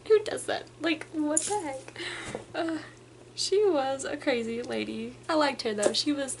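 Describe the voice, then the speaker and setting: A woman's voice: a little high, a little hiss or hum. Chatty young woman, filler-heavy storytime. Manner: animated, filler-heavy, many "like"s, acts out customers. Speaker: vlogger. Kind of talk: casual storytime rant.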